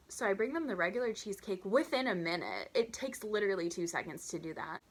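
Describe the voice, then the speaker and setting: A woman's voice: medium pitch, brisk. Chatty young woman telling a story. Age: 20s. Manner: chatty, animated, acts out customers and her own waitress voice. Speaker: vlogger. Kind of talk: storytime vlog.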